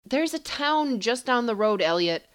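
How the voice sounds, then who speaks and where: A woman's voice: on the high side, lively intonation, unhurried, pitched above the performer's own voice. A woman reading the part of a wary, defensive young female thief with a guarded manner in an audiobook.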